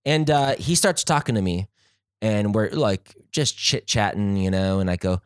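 A man's voice: lowish voice, lively intonation, normal speed, clear, resonant tone, no room sound, clean studio sound. A young man chatting casually as co-host, telling a story with apologetic, self-deprecating asides.

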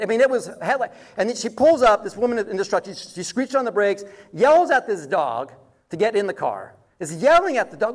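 A man's voice: high voice, brisk. A man preaching a conversational sermon as pastor, telling a personal story and closing in prayer. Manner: conversational, storytelling with animated asides.

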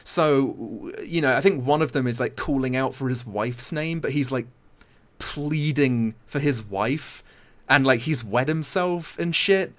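Young man, from Britain, casual chat, animated storytelling, quick impressions. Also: medium pitch.

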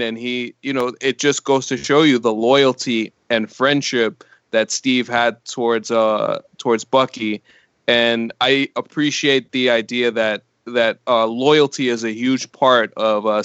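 Man with smooth, slightly muffled voice. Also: mid-range voice, steady tone, a bit bright, no room sound. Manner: halting, repeats words while thinking. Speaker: podcast co-host. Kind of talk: casual movie discussion.

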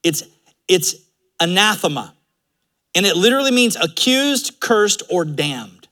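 A male pastor delivers a sermon in a high, bright voice. He preaches in an emphatic, conversational way and acts out quoted lines as he goes. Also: very animated, measured pace. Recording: live church sermon audio.

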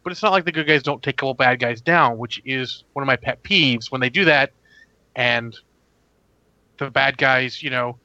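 A man's voice: mid-range voice, expressive, normal speed, pushed and bright, no echo, muffled recording. A man hosting a casual movie review chat, talking in a rambling, opinionated way. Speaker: movie review podcast host.

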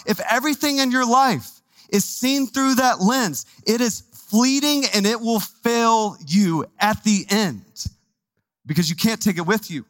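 A man from Texas, a pastor preaching a sermon in a conversational, animated way, with asides to the congregation. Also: very high voice, normal speed, dry recording. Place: church sanctuary.

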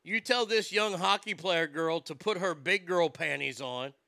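A man's voice: fairly high pitch, measured pace, gravelly, pushed and bright, no room sound, clean studio sound. A man delivering a blunt, sarcastic, profane opinion rant as a commentator.

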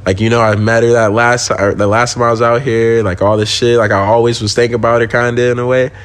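A man's voice: mid-range voice, level tone, fast. Slangy young man telling a story. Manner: slangy, swearing, laughs while telling stories. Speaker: podcast guest. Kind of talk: casual storytelling.

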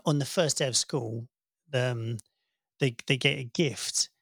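A man in his thirties chatting casually, telling a warm family story and acting out the voices he quotes. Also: mid-range voice, slow, creaky, no echo, clean studio sound. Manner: warm storytelling, animated when quoting. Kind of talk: casual chat.

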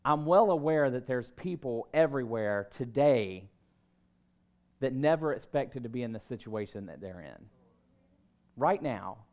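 A man in his thirties preaching a sermon, telling stories about himself in a relaxed, conversational way and breaking into emphatic bursts. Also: medium pitch, a little slow. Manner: conversational, self-deprecating storytelling with emphatic bursts. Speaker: pastor.

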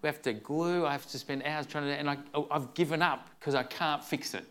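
Smooth-voiced man preaching a sermon. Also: a little high, fairly even intonation, a little fast, a bit bright. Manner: earnest, conversational preaching with humor. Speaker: pastor.

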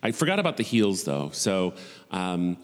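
A man's voice: deep voice, sing-song, normal speed, long reverb tail. Wry, profane man in his forties. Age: 40s. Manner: rambling, profane, wry asides. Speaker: podcast host. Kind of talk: casual solo chat.

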